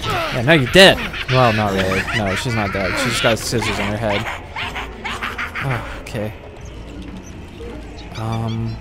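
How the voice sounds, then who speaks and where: A man streaming a horror game, reacting loudly and jumpily with frequent cursing and laughter. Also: on the low side, a little slow, long pauses. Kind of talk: live gameplay commentary. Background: game music.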